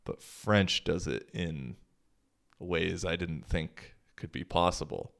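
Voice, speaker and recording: A man's voice: sits low, slow, gravelly, fairly bright tone. A young man hosting his own podcast, talking in a laid-back, slangy, profane way. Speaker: podcast host. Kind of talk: casual solo podcast monologue.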